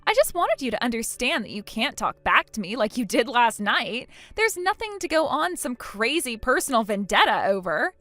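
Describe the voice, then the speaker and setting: A woman's voice: a little high, very animated, normal speed, few pauses, bright, forceful tone, no echo. A woman voicing a spiteful, taunting young woman, the groom's sister, in an acted text-message story. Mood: mocking. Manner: taunting, snickering, dismissive.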